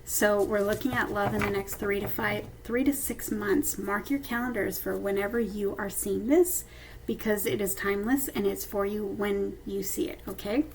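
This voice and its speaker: A woman at a mid pitch gives a casual card reading, talking straight to her viewers. Her delivery is chatty, and she keeps checking in with them as she goes. A faint hiss runs underneath. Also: steady tone, normal speed, vocal fry, rough recording. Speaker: tarot card reader. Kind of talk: casual intuitive reading to camera.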